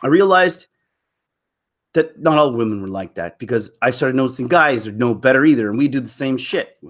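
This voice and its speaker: A man speaking on a live stream with a middle-pitched voice. He tells a personal story candidly, rambling and restarting his sentences as he goes. The delivery is loose and conversational, aimed straight at his viewers. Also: lively intonation, fairly quick. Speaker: YouTube commentator.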